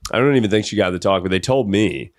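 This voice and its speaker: A man's voice: fairly low pitch, quick pace, no echo, studio quality. A young man hosting a podcast, telling a comedic story in a rambling way and often laughing through it. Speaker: podcast host.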